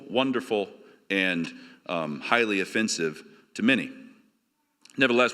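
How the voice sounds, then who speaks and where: A male pastor delivers a conference sermon. His bright, forceful voice moves between casual asides and slow, deliberate scripture reading. A long church-hall reverb trails every phrase. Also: on the low side. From American South. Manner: conversational, emphatic, slowing down for scripture readings.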